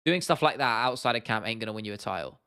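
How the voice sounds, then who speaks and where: Blunt, swearing livestream host. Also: male voice, on the low side, expressive, quick pace, bright, forceful tone, clean tone, no echo, clean studio sound. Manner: blunt, opinionated, swears freely, restarts often. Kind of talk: casual livestream chat answering viewers.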